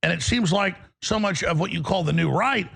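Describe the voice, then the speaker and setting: A man hosts a political talk show in a deeply gravelly, rasping voice. He rambles, doubling back on words and restarting sentences. His voice sits somewhat high for a man. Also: brisk, fairly bright tone.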